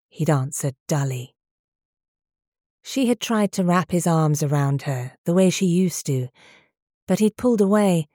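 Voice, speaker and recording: Calm woman narrating, low and dry. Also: normal speed, no echo. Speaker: audiobook narrator. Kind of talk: scripted narration.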